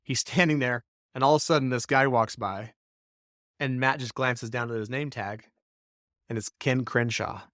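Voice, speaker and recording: A man co-hosting a podcast, spinning a long story in an easygoing, animated way. He slips into the voices of the people he quotes. His voice sits in a middle register and the sound is close and dry, with no room around it. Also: medium pitch, normal speed, no echo. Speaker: podcast co-host. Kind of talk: casual storytelling.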